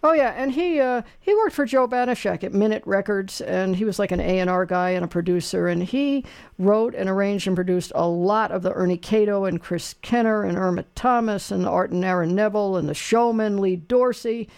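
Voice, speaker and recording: Man, radio call-in host, gravelly rasp, loose folksy rambling delivery. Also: sits high, a little fast, a little mellow. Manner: rambling, folksy, lots of fillers and restarts. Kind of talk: casual call-in chat, radio trivia quiz.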